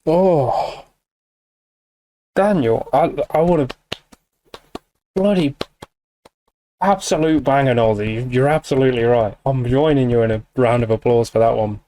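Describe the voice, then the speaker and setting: A music reaction host gushes emotionally in casual talk, swearing freely and using many fillers. He has a medium-pitched, dark-toned voice, speaks a little slowly, and pauses often.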